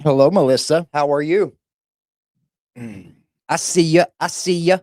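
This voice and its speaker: A man's voice: fairly high pitch, takes it slowly, darkish tone, no room sound, clean studio sound. A man hosting a live stream in a casual, playful way, greeting chat viewers one by one.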